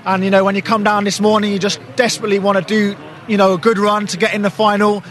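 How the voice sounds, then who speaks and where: A man's voice: sits high, level tone, fast talker, a bit bright. A man, an Olympic canoeist, giving a rambling, disbelieving interview outdoors at a whitewater course. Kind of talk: post-race interview.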